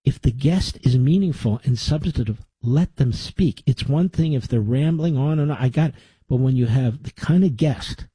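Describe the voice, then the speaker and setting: A man's voice: mid-range voice, mellow, breathy edge, no room sound. A middle-aged man hosting a talk radio show, delivering a combative, conversational monologue with sarcastic asides into a studio microphone.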